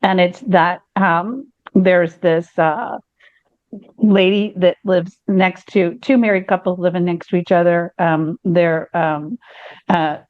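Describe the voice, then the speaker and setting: A woman's voice: lowish voice, no room sound. Woman podcast host, rambling joke-teller with lots of fillers; dull, dry audio. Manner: rambling storyteller with many fillers and restarts. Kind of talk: casual chat, telling a joke.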